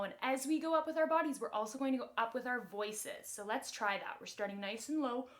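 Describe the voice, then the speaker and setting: A young woman teaching children music warm-ups and a magic trick in a cheerful, slow, encouraging way, recorded indoors on a camera mic. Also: fairly high pitch. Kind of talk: children's lesson.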